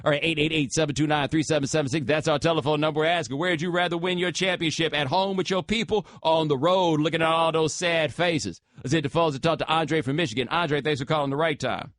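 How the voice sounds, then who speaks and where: A man's voice, a bit high for a man, speaking into a dry studio microphone with no room sound. He hosts a sports radio call-in show and talks loose and slangy, addressing callers directly. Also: fairly even intonation, brisk, few pauses, a bit bright, no echo.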